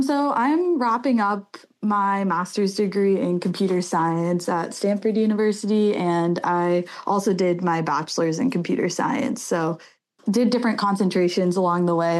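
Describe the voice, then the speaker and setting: A woman's voice: on the low side, steady tone, normal speed, a little mellow. A woman in her twenties, a graduate student guest, speaking casually in an upbeat, articulate way. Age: 20s. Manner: upbeat, articulate, light laughs. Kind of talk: casual chat.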